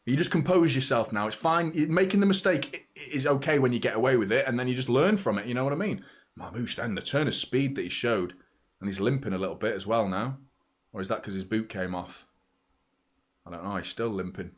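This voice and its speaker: A man hosting a live football watchalong, reacting excitably and swearing as the action unfolds. He talks to viewers in a loose, chatty way at an ordinary middle pitch. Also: fairly quick. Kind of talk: live match watchalong commentary.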